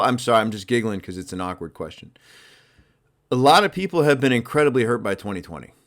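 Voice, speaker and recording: A man hosting a motivational sales podcast, talking in an emphatic, energetic, conversational way. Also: mid-range voice. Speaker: sales coach and podcast host.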